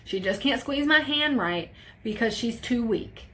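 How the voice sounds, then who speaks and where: A woman's voice: a little high, expressive, measured pace, fairly bright tone, a little hiss or hum. A young woman telling a personal story on a vlog, casual and profane, with emotion in her voice. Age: young adult. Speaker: vlogger.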